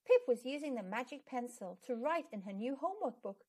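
A woman hosting a children's channel, reading a picture book aloud in an expressive, sing-song way. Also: a little high, brisk, hardly any pauses. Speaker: channel host and storyteller.

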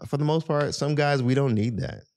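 A man's voice: medium pitch, brisk, a little mellow, no echo. A man hosting a podcast, talking casually and earnestly to his listeners with lots of "you know". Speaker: podcast host. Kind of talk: casual advice talk to listeners.

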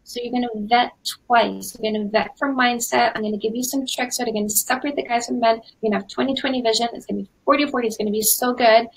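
A Canadian woman in her forties, a dating coach hosting a live webinar in an energetic, chatty way with lots of fillers. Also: a little high, fast, vocal fry, hardly any pauses, slight background noise, low-quality recording. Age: 40s.

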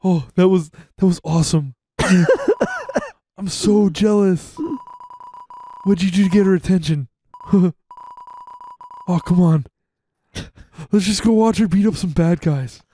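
A man voicing an eager young monster fan who gushes quickly and giggles. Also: high voice, dark tone. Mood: gushing.

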